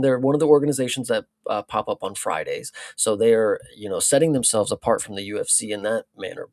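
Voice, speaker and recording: A man's voice: medium pitch, vocal fry, a little mellow. A man co-hosting a casual podcast, talking bluntly and loosely with plenty of swearing. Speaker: podcast co-host. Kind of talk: casual chat.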